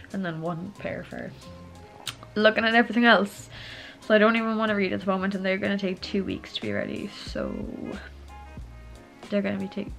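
Woman, 20s, vlogger, chatty and rambling, vocal fry, soft music behind. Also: mid-range voice. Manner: rambling, says "like" a lot. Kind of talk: casual chat to camera.

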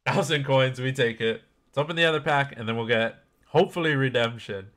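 A man's voice: mid-range voice, brisk, a bit bright. A young man giving casual, chatty commentary while opening packs in a video game, laughing often and poking fun at himself. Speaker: gaming YouTuber.

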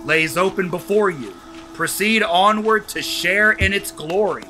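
A man playing a video game and commenting excitedly, talking to himself as he goes. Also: high voice, a little slow, soft background music. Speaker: gaming YouTuber. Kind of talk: let's play commentary.

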